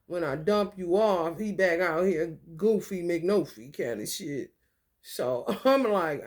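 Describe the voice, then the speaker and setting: A woman venting in a casual monologue, telling a story bluntly and profanely with lots of rhetorical questions. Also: on the low side. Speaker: vlogger.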